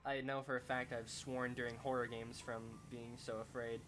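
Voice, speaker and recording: A man's voice: mid-range voice, level tone, moderate pace, over music. A young man streaming a game, chatting casually and rambling as he thinks aloud, often restarting his sentences. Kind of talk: casual chat while playing a game.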